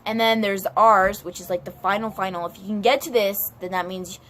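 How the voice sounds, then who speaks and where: A woman's voice: medium pitch, fairly even intonation, fairly quick, a bit bright, slight background noise. A woman acting as a Spanish teacher in a playful home video, chatty and full of fillers, repeating herself often.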